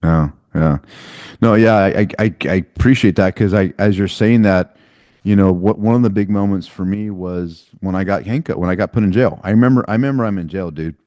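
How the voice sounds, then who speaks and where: A man with a deep, darkish voice hosts a podcast, talking briskly with no room sound. He tells a personal story candidly and bluntly, swearing freely and peppering his talk with slang like "dude" and "bro."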